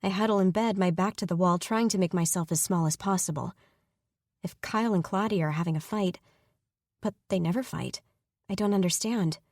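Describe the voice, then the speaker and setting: A woman narrating a first-person fantasy romance audiobook in a steady, even storytelling manner on a close mic. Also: lowish voice, fairly quick, dry recording.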